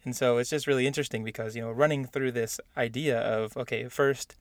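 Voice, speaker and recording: A man in relaxed conversation as a podcast co-host, chatty and rambling, stumbling over his own words and laughing along. His voice sits at an average pitch and comes through a dry, close recording. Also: fairly quick, dry recording. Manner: chatty, laughs often, many restarts. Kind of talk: casual chat.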